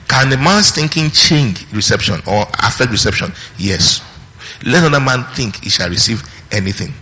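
A man preaching a sermon, teaching through scripture with questions put to the congregation and pauses on key words. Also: lowish voice, pushed and bright, in a large hall, low-quality recording.

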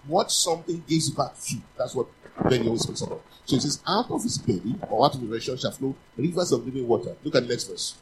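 A male preacher expounding scripture with a mid-pitched voice, pausing to ask his listeners questions and repeating phrases to drive them home. He swings between quiet explanation and loud, quickened urging, with a faint hiss of noise in the background. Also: lively intonation. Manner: teaching, repeats key phrases, asks the congregation questions; grows louder and faster, urging. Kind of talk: sermon.

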